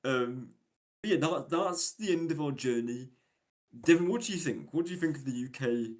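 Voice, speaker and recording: A man's voice: medium pitch, moderate pace, darkish tone. A man with a Yorkshire accent, chatting casually as a host and explaining British slang, with lots of fillers and restarts. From England. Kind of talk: casual chat.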